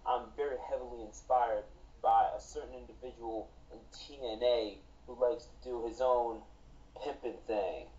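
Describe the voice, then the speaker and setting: A man chatting as a podcast guest, with swagger and street slang. His voice is mellow and dark. The audio is dull and lo-fi, like a call. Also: medium pitch, fairly even intonation, normal speed. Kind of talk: casual podcast chat.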